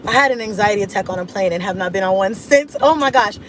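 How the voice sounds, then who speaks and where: A woman vlogger telling a casual story in an animated, dramatic way, acting out her own thoughts. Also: medium pitch, fast talker, noisy background. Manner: animated, dramatic retelling with laughs and voiced-out inner thoughts. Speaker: mom vlogger.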